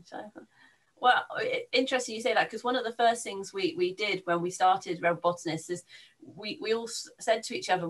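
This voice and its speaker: A woman's voice: mid-range voice, a bit bright, rough recording. Upbeat woman explaining her nature group. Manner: upbeat, earnest, restarts often. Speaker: community nature group organiser. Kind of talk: casual explanation on a webinar.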